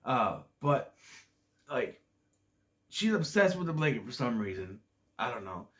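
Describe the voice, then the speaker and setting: A man reviews a children's film in a loose, rambling way, hesitating and stumbling over fillers. His pitch swings up and down in an animated way. He sits at a middle pitch for a man. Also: a little slow. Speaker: movie reviewer. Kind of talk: casual movie review.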